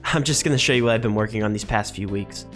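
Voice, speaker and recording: A man's voice: lowish voice, fairly bright tone, faint music behind. Earnest young man, stuffy nasal voice. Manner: earnest, halting, repeats words. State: nasal from illness. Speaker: sports betting channel host. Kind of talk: personal vlog to camera.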